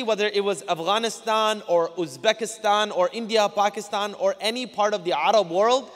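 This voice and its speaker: A man's voice: sits high, a bit bright. A man from North America giving an earnest, conversational religious talk to a live audience on a stage. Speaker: guest speaker at a Muslim community talk. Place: large hall with a stage. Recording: long hall reverb.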